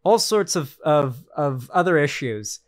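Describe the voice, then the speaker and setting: A man's voice: on the high side, lively intonation, measured pace. A man streaming casual political commentary, rambling and sarcastic, with lots of fillers and restarts.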